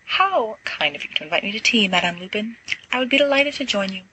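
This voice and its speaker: A woman's voice: medium pitch, animated, brisk, very noisy, pitched above the performer's own voice, lightly acted. A woman voicing a cheeky, playful teenage boy wizard who speaks theatrically.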